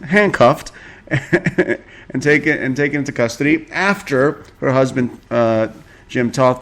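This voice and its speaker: A man's voice: mid-range voice, fairly bright tone. Male podcast host, casual gossip commentary, sarcastic, swears freely, chuckles a lot. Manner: sarcastic, profane, chuckling often.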